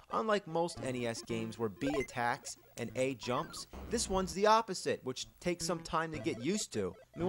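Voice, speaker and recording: A man playing a short-tempered, foul-mouthed male retro gamer, reviewing a game in an exasperated, profane rant. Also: fairly high pitch.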